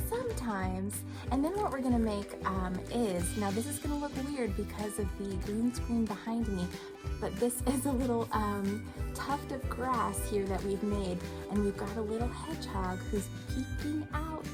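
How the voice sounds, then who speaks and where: A woman librarian leading a children's story time, reading a picture book aloud in a lively way. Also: on the high side, moderate pace. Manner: animated, cheerful with children. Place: in front of a green screen. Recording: roomy echo, faint music.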